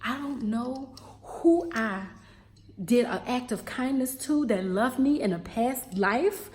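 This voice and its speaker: A young woman with a Baltimore accent talks straight to camera in a casual vlog, sassy and animated. Her voice sits a little high yet sounds warm and mellow. She slips into local dialect and drops in "baby" and "honey" as she tells her stories. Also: takes it slowly. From Baltimore, USA. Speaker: teacher vlogger.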